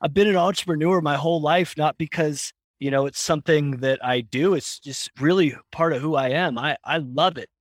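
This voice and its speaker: A man being interviewed as a company founder, telling stories in a lively way and acting out voices in his anecdotes. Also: on the high side, normal speed, few pauses, no echo. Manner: animated storyteller, acts out voices in anecdotes, laughs often. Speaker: founder and guest. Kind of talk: conversational interview storytelling.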